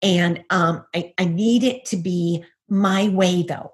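A woman's voice: fairly low pitch, takes it slowly. Earnest middle-aged woman telling her story. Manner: earnest, full of rhetorical questions. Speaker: guest. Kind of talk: personal testimony in conversation.

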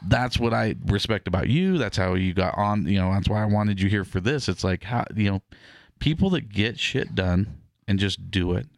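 A man's voice: lowish voice, normal speed, no echo. A man hosting a podcast, talking casually and rambling through stories, swearing now and then. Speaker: podcast host.

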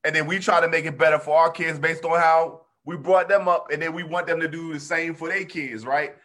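Casual storyteller, male, high and bright, slangy, acts out quotes. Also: steady tone, brisk.

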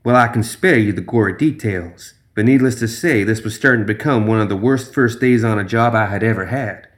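A man's voice: lowish voice, fairly quick. Man narrating a tense horror story.

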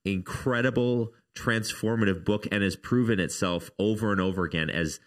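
A man's voice: lowish voice, normal speed. A man co-hosting a casual faith discussion, arguing his point in an earnest, reflective way.

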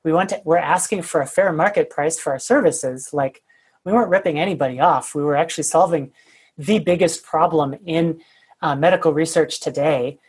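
A woman's voice: low-pitched, moderate pace, a little mellow, slightly rough. A woman guest on a podcast, telling a story in a candid, self-deprecating way with plenty of fillers. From United States. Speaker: guest, sales consultant.

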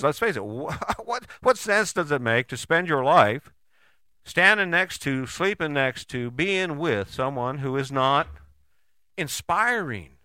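A man's voice: medium pitch, bright, forceful tone, dry recording. A man giving a casual motivational talk, folksy and chatty, who often adds "right?" and acts out quoted people in short bits. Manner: often tags sentences with "right?".

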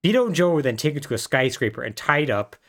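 A man co-hosting a podcast and recapping a game's story in casual chat, an animated storyteller. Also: medium pitch, quick pace. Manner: animated storyteller, laughs often. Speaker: podcast co-host.

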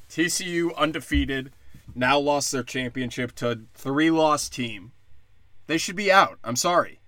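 Sarcastic guy ranting on his podcast, cursing a lot, bright tense tone, no room echo. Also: a little high. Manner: sarcastic, profane, mocking. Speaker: podcast host. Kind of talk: casual comedic rant.

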